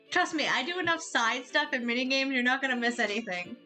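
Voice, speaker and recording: A woman game streamer chatting casually while she plays, excitable and giggly, swearing casually. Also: sits high, normal speed, faint music behind.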